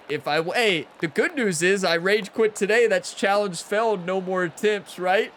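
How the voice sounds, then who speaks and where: A young man hosting his own golf video game channel, chatting casually over gameplay, laughing often and swinging between frustration and excitement. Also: sits high, a little slow, slight background noise. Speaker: gaming channel host.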